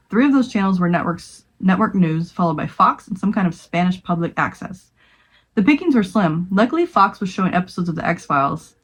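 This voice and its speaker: A woman's voice: on the low side, low-quality recording. A young woman podcast co-host reading a short horror story aloud, often stumbling over words and laughing at her slips.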